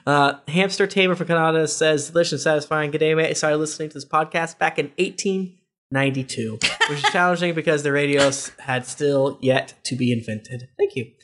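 Man, podcast host, fairly high voice, reading listener reviews, casual, joking asides. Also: a little fast, a bit bright.

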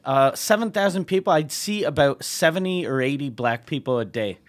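A man's voice: a little high, animated, normal speed. A male comedian and podcast host telling a story in a casual, profane way, laughing as he goes. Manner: profane, laughing as he tells anecdotes.

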